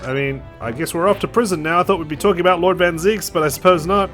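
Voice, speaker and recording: A man's voice: high voice, fast, a bit bright, soft background music. A man casually commenting on a video game while playing, joking as he goes. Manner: joking, chatty, reads game lines aloud. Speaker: let's play host.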